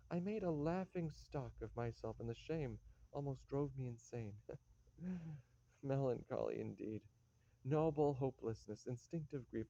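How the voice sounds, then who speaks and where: A man's voice: medium pitch, warm tone, dry recording, natural voice. A man reading a bitter, despairing nobleman. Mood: self-mocking. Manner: bitter, ranting, self-mocking. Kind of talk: play reading. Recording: dull lo-fi dry recording.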